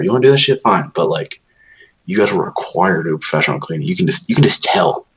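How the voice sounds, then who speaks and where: A man's voice: sits low, lively intonation, fairly quick, fairly bright tone, poor audio. A young man casually telling a long, profane, rambling story about moving into his new house. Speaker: new homeowner. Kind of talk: casual chat.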